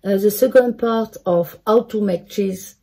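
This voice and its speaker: A woman's voice: medium pitch, measured pace, vocal fry, mellow, husky. A woman from France with a French accent, walking through a home cooking tutorial step by step in her kitchen. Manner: careful step-by-step explaining. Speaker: home cook.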